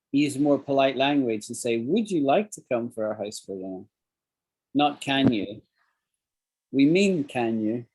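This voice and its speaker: A man's voice: mid-range voice, darkish tone. A man teaching an English class over a video call, explaining phrases and acting out examples.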